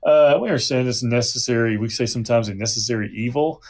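A man's voice: medium pitch, quick pace. A middle-aged male pastor leading a Bible study sermon, conversational with frequent restarts and asides.

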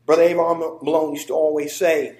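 Guy preaching w/ a high voice, punches his words, echoey church sound. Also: level tone, fairly quick, darkish tone. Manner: emphatic preaching with stressed words and call-and-response. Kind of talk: sermon.

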